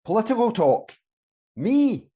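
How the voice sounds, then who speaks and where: A man's voice: medium pitch, lively intonation, a little slow, mellow. A man playing a sarcastic, rebellious soldier in an audio comedy, dry and sardonic.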